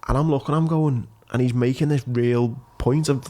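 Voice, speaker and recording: A man from England, a podcast host and ex-Marine, telling a frank, animated story in casual chat. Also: mid-range voice, normal speed.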